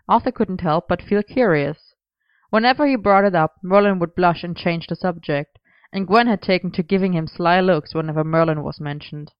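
A woman reading a story aloud as narrator, in an even, unhurried manner. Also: lowish voice, clean tone, no room sound, dull audio. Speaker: audiobook reader.

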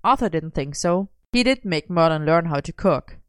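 A woman reading a story aloud in a lively storytelling manner. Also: lowish voice, normal speed, clean tone, dry recording. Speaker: reader.

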